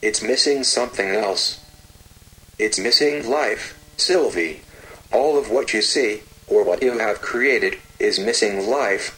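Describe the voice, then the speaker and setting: A man voicing a gentle, wise little bumblebee in a storybook, speaking in a calm, soothing, reassuring way. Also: on the low side, slow pace, rough recording.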